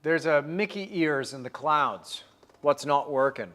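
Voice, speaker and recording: A man's voice: a little high, measured pace, fairly bright tone. A man in his forties hosting a livestream, painting while chatting upbeat and answering viewer comments.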